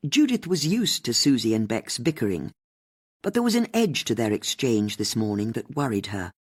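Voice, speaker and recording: An audiobook narrator reading a mystery novel in an expressive storytelling manner. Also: mid-range voice, normal speed, husky.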